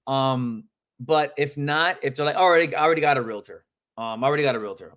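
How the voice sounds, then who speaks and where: This live real estate coach is a fast talker with a medium-pitched voice. He stays animated and forceful, acts out calls, and singles out viewers by name.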